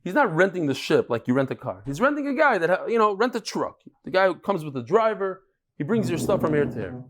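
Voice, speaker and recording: A man leads a daily Talmud class in a fairly high, very lively voice that rises and falls freely. He breaks each case down with rhetorical questions and homely examples, and his delivery stays animated. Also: quick pace, slight background noise. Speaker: Talmud teacher.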